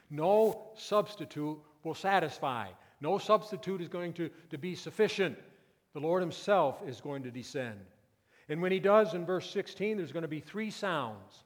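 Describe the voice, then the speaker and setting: A male pastor delivers an earnest sermon, dropping low and quiet, then building to loud, emphatic declarations. His voice sits a little high for a man. The church hall gives every phrase a long, ringing tail. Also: animated, normal speed. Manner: earnest preaching, swings from hushed to loud emphatic peaks.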